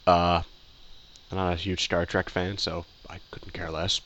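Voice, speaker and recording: Low-voiced guy rambling thru a tv episode review at home, lots of ums and restarts. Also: monotone, unhurried, a bit bright, slight background noise. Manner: rambling, repeats himself, many fillers and restarts. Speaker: video reviewer. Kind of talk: casual opinion review.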